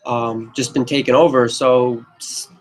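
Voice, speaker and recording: Guy rambling thru his own movie pitch, kinda monotone, lots of you know and but yep. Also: unhurried, low-quality recording. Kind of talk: casual rambling pitch to camera.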